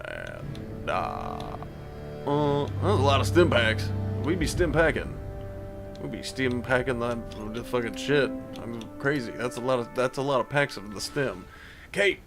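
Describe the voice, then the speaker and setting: A man's voice: mid-range voice, big pitch swings, unhurried, creaky. A man casually commenting while he plays a game. He rambles, swears a lot and makes joking asides to himself. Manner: rambling, profane self-talk with joking asides. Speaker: gameplay streamer. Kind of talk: casual let's-play commentary. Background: game music.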